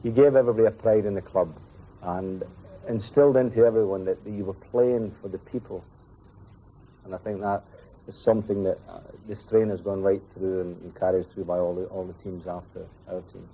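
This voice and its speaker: Low, dark-voiced older footballer. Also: male voice, fairly even intonation, fairly quick, slight background noise, poor audio. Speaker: former footballer guest. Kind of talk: interview answer.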